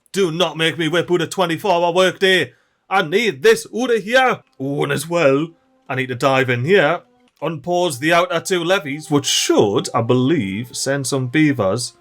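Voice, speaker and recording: Excitable gamer, lively pitch. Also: male voice. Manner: animated, frantic shouting at in-game beavers. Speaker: gameplay commentator. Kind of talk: let's play commentary.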